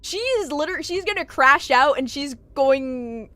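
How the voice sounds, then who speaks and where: A woman's voice: sits high, lively intonation, a little slow, sharp tone, no echo. A woman streaming a game, chatting casually and swearing as she reacts to it, on a desk microphone at home. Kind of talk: live let's-play commentary.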